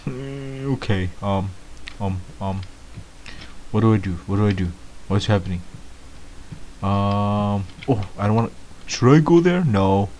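A man's voice: lowish voice, animated, measured pace, pauses often, a little mellow, a little hiss or hum. A man giving comedic gameplay commentary as a clueless beginner, whiny, easily startled and rambling with lots of ums. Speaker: gamer playing a clueless beginner.

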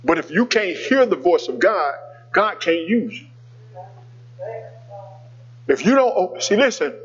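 A man's voice: high voice, big pitch swings, measured pace, breathy edge, lo-fi sound. A male pastor preaching a sermon, telling a personal story in a conversational way and calling out to the congregation.

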